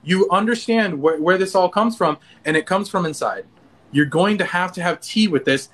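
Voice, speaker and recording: Male interview guest with a high voice, earnest, animated self-talk, frequent restarts. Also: normal speed. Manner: earnest, animated, acts out inner dialogue with many restarts.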